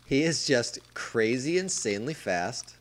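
A man's voice: mid-range voice, expressive, unhurried. A man hosting a casual podcast, enthusiastic and explaining things step by step. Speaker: podcast host.

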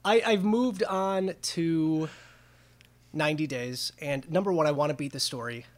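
A man's voice: a little high, takes it slowly. A man co-hosting a casual podcast, easygoing and modest, with frequent ums. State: winded after exercise. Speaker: podcast co-host.

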